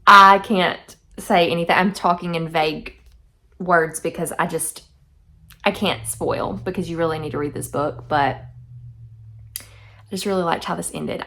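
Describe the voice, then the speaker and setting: Gravelly-voiced woman chatting about a book. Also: on the low side, bright, forceful tone. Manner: chatty, effusive, reads passages aloud. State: teary-eyed. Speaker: book vlogger. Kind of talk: casual book review vlog.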